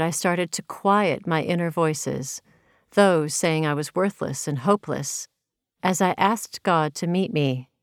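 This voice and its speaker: An earnest woman from Minnesota reads her own devotional story, reflective and steady. Her voice sits a little low, and the recording is close and dry with no room sound. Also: no echo. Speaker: narrator. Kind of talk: reading a personal devotional story.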